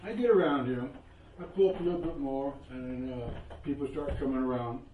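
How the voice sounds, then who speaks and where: A man's voice: mid-range voice, brisk, phone-quality sound, a little hiss or hum. Older man telling a story in an echoey room. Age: 70s. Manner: animated, acts out quoted exchanges, curses freely. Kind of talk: casual spoken storytelling. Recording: roomy echo, voice from a distance.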